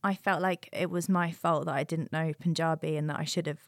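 A woman with a London accent and a fairly low voice, heard close and dry on the mic. She chats casually and supportively, laughing easily as she shares her own experiences. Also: fairly even intonation, a little fast, no echo. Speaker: podcast co-host. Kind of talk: casual chat.

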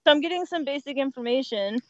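A woman who works as an emergency dispatcher, chatting casually and telling animated stories, often laughing and acting out what callers said. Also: high voice, fast talker, no room sound, muffled recording. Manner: animated storyteller, laughs often, acts out quotes. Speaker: 911 dispatcher. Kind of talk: casual podcast chat.

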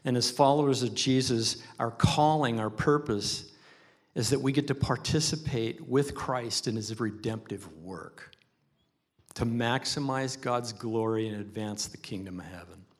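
A male pastor delivers a sermon in an earnest, emphatic way, repeating key phrases for weight. His voice sits at an ordinary middle pitch for a man. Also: a little slow. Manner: earnest, emphatic preaching with repetition.

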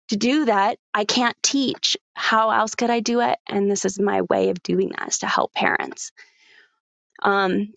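A woman's voice: mid-range voice, gravelly, dry recording. Woman in her forties, earnest interview guest, fillers and restarts, dry slightly dull recording. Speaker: guest, parenting coach. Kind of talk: conversational storytelling interview.

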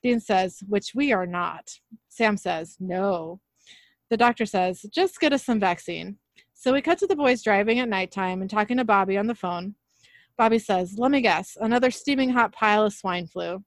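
A woman co-hosting a podcast, casually retelling an episode scene by scene and reading the dialogue aloud in a plain, even way. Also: medium pitch, moderate pace, dry recording, studio quality. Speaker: podcast co-host recapping an episode.

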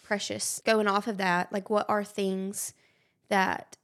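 A woman's voice: mid-range voice, little pitch movement, slow pace, a bit bright. A young woman hosting a podcast, effusive and gushing in casual conversation. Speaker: podcast host.

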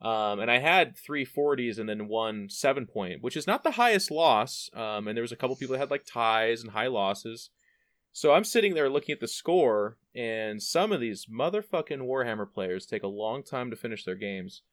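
Male podcast guest, animated storytelling, swears freely, self-deprecating, dry close sound. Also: medium pitch, moderate pace, no echo. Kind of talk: casual storytelling.

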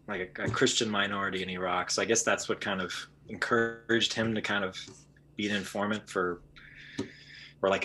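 A man who is fluent in Arabic, a guest in a casual chat, talking in a relaxed, rambling way. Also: lowish voice, a little hiss or hum. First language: speaks Arabic fluently.

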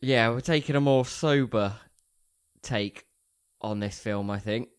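A man's voice: medium pitch, unhurried, smooth. A man co-hosting a casual podcast with laid-back, chuckling banter. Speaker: podcast co-host.

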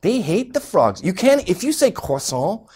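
A man's voice: high-pitched, big pitch swings, normal speed, darkish tone, slightly rough. A Canadian man doing an exasperated, mocking stand-up rant. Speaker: comedian.

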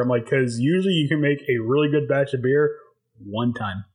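A man's voice: medium pitch, a little fast, low-quality recording. A man co-hosting a tabletop gaming podcast, chatting casually in a rambling way, swearing and laughing often. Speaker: podcast co-host and dungeon master. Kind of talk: casual chat.

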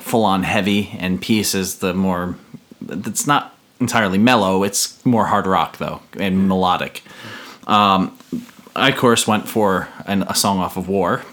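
A man's voice: sits low, fairly bright tone. A man hosting a podcast in casual chat, earnest and reflective, often restarting his sentences. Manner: halting, many restarts and fillers. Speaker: podcast host.

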